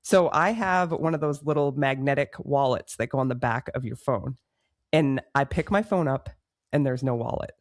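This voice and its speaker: A woman podcast co-host tells a story in a lively, self-mocking way and laughs in the middle of her sentences. Her voice sounds close and dry, with no room echo. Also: very deep voice, normal speed. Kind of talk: casual chat, storytelling.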